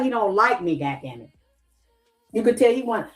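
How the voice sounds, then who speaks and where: A woman's voice: mid-range voice, animated, brisk, a little mellow, poor audio. A middle-aged woman talking straight to her viewers in a heated, profane livestream rant, acting out what others said to her.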